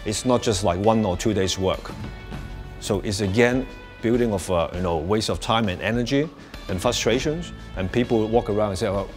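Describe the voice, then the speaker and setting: Before a live workshop audience, a man with a fairly low pitch speaks at normal speed as soft music plays in the background. He explains things in a chatty way, frequently restarting, saying "you know" often and chuckling along.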